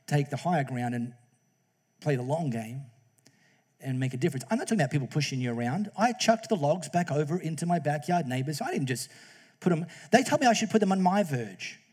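Man, preacher, fairly high voice, chatty joking sermon, church. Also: expressive, brisk, a little mellow, husky. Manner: conversational and jokey, acting out quoted voices. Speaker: pastor.

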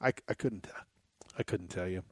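A man's voice: deep voice, moderate pace, slightly rough. A man talking as a podcast guest in casual chat, rambling and restarting his sentences often.

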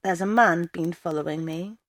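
A woman's voice: fairly low pitch, fairly even intonation, normal speed, no echo, lightly acted. A woman reading the lines of a frightened young country girl, speaking timidly and hesitantly. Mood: tearful.

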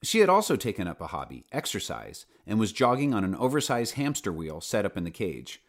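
A man's voice: on the low side, brisk. A man narrating a children's storybook with playful asides to the listener. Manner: lively storyteller, playful asides, does character voices. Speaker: audiobook narrator.

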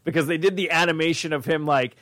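Animated, swearing young man, dry close voice. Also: fairly high pitch, fast talker, dry recording. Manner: animated, profane, acts out quotes. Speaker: podcast host. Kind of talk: casual chat.

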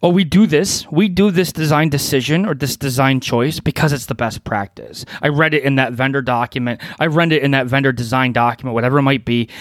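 A man's voice: mid-range voice, dry recording, studio quality. A man in his forties teaching network design in a podcast-style talk, emphatic, repeating key phrases and asking rhetorical questions.

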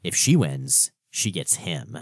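A man's voice: sits low, big pitch swings, takes it slowly, no room sound, clean studio sound. A man hosting a podcast, giving a casual, enthusiastic recap of a comic book story. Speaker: podcast host.

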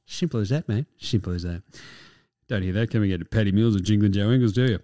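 A man's voice: fairly low pitch, fast, mellow, no room sound, clean studio sound. A young Australian man hosting a sports podcast, talking in a blunt, sweary, jokey way. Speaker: podcast host. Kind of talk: casual sports podcast chat.

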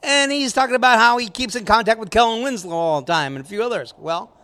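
A high-pitched man co-hosts a casual sports podcast. He tells his side of the story conversationally and drops in quick agreements while his partner talks. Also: pushed and bright, smooth. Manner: conversational, chimes in with short remarks. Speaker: podcast co-host.

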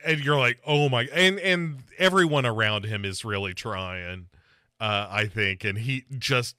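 A man hosting a casual movie podcast, his voice bright and forward. He rambles and restarts, padding his talk with fillers. The sound is dry and close, with no room around it. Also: medium pitch, unhurried, clean tone, no echo. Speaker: podcast host.

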